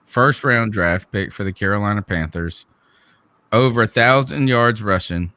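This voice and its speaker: A man's voice: fairly low pitch, moderate pace, sharp tone, dry recording. A man with a Southern accent co-hosting a casual sports podcast, asking questions and restarting his sentences as he talks. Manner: conversational, prone to restarts and rhetorical questions. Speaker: podcast co-host.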